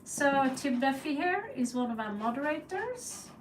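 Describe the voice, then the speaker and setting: A woman's voice: high voice, big pitch swings, measured pace, far from the mic, slight background noise, rough recording. A woman with a Norwegian accent hosting a tarot live stream in loose, chatty talk, cursing and laughing as she goes. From Norway. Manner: chatty and loose, swearing, laughing, mimicking crow calls. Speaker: tarot reader and channel host. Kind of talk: casual live-stream chat.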